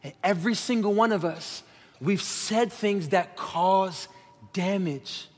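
Speaking slowly in a high-pitched voice, this man in his thirties is a pastor giving a candid, conversational sermon from a stage mic in a church sanctuary. He talks straight to his congregation, calling them "y'all," and a large hall's long reverb trails his words.

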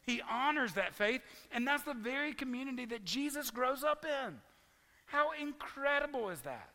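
A man preaching a sermon as pastor, animated, acting out the townspeople's words as he tells the story. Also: high voice. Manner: animated storytelling preacher, voices the crowd's lines. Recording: long reverb of a large hall.

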